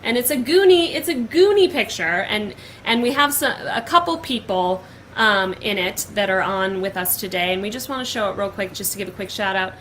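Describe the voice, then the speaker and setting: Bright-voiced gushing young woman host. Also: mid-range voice, expressive, brisk, hardly any pauses, a little hiss or hum, low-quality recording. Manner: gushing, upbeat, many "like" fillers. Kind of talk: casual chat.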